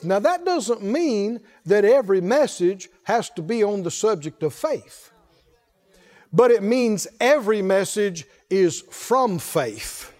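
Male pastor, high voice, emphatic sermon, call-and-response, shouted refrains.

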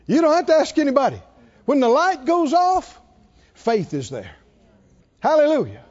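A man's voice: extremely high pitch, wildly swooping pitch, moderate pace, a little mellow. A man preaching a sermon emphatically, repeating and stressing words, his voice rising and dropping sharply. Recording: dull lo-fi recording in a reverberant hall.

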